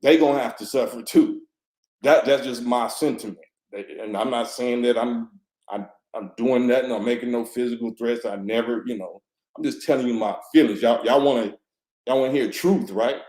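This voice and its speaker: A man's voice: medium pitch, moderate pace, darkish tone, echoey room, poor audio. A man giving an impassioned, preachy monologue as an interview guest, full of street slang and repeated phrases. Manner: preachy and fervent, with street slang and many 'you know what I'm saying'; repeats himself and restarts often.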